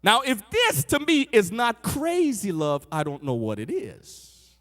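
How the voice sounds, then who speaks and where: A middle-aged man preaching a sermon, swinging from shouted peaks to soft asides. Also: high-pitched, huge pitch swings, unhurried, long reverb tail.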